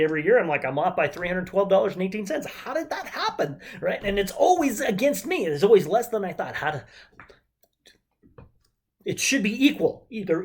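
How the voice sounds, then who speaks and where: A woman teaching a chemistry lesson remotely in a chatty way, with joking asides while she counts aloud. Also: fairly low pitch. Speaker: chemistry instructor. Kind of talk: casual remote lecture.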